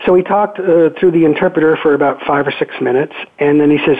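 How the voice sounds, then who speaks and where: An older man, an actor guest, telling a story on a call-in interview in a relaxed, halting way. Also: fairly high pitch. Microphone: telephone. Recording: phone-line call-in.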